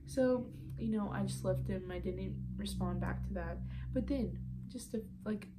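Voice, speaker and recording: A woman's voice: mid-range voice, measured pace, noisy background. A young woman telling a story in a casual vlog, chatty and exasperated, full of "like.". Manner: chatty, exasperated, heavy use of "like". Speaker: vlogger.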